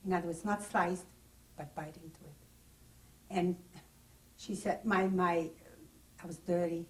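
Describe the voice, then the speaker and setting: Older woman recalling memories, lowish voice. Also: steady tone, unhurried, distant mic, low-quality recording. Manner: plain, vivid first-person recollection. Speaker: interviewee. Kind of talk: oral history testimony. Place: private home.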